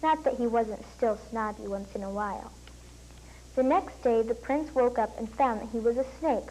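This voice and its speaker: A young girl reading her own story aloud, with lifted pitch on the quoted lines. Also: moderate pace, mellow, rough recording.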